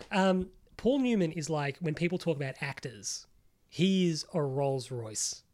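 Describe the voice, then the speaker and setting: Podcast co-host, man, slightly high-pitched, chatty and animated, swears casually. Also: measured pace. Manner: rambling, animated, swears freely, lots of "like". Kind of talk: casual chat.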